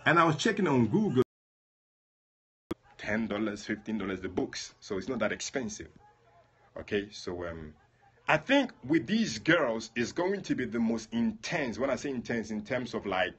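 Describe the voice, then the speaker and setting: A man's voice: mid-range voice, sing-song, moderate pace, husky, muffled recording. A man leading a prayer livestream, chatting casually and addressing viewers by name.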